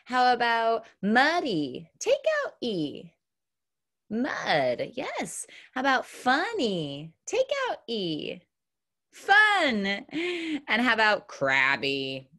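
Upbeat and encouraging, a female kindergarten teacher sounds out words slowly for young learners in an online phonics lesson. Her voice bounces with lively pitch as she models each word in a clear, exaggerated way.

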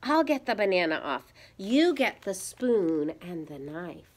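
A woman voicing an eager, bossy little girl who takes charge of her brother in a storybook read-aloud. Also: a little slow. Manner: high, excited, bossy.

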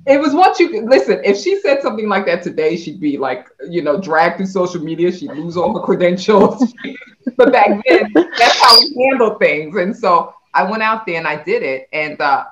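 A woman, a company CEO, telling a story in a casual interview, animated and laughing often. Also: fairly low pitch, normal speed, dull audio.

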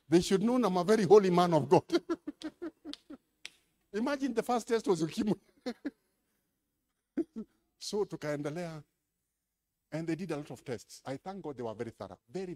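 A Kenyan man preaches a sermon and slips between English and Swahili. His voice sits a little high and moves all over its range, from low, quiet storytelling to loud, ringing calls to the congregation. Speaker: pastor.

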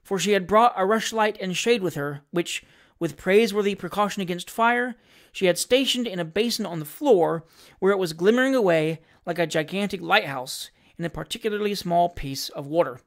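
A woman reading a classic novel aloud as narrator, in a measured, expressive storytelling manner. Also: lowish voice. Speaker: audiobook narrator.

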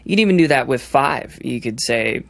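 A man's voice: medium pitch, expressive, normal speed, vocal fry, a bit bright, no echo. A young man, a drummer on a podcast, explaining rhythm ideas, singing the beats aloud and restarting his sentences often. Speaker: drummer guest.

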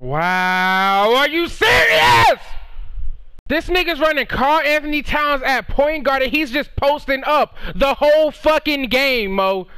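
Young guy gamer raging and cussing, high bright voice swinging all over, dry close mic. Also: smooth, dry recording. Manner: yelling, cursing, repetitive trash talk. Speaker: gaming streamer. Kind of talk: raging gameplay commentary.

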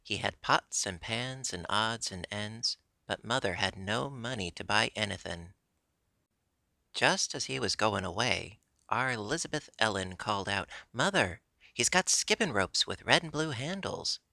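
A man's voice: fairly low pitch, a little slow, vocal fry, bright, forceful tone, dry recording, full character voice. A man reading a chatty young Yorkshire maid in broad, homely dialect, in a dry, close audiobook recording. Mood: eager.

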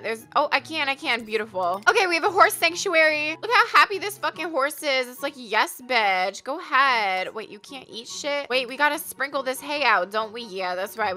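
A woman's voice: on the high side, sharp tone. A young woman giving casual, profane, chatty commentary while playing a life-sim game. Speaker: gaming YouTuber.

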